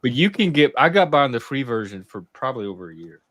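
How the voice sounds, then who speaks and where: A man hosting a casual group chat, relaxed and talkative, prodding and joking with others. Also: mid-range voice, fast, no room sound. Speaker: host.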